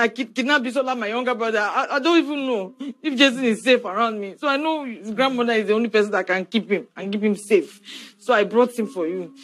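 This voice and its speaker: An actress playing a frightened young parent who leaves a grandson with his grandmother, stammering and pleading. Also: fairly high pitch. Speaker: parent leaving child with grandmother. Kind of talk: film drama acting.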